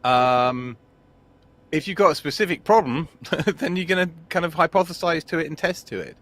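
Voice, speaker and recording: A man's voice: fairly high pitch, expressive, normal speed, a bit bright. A man appearing as the regular expert guest on a casual live Q&A stream, joking and thinking aloud, hedging as he goes.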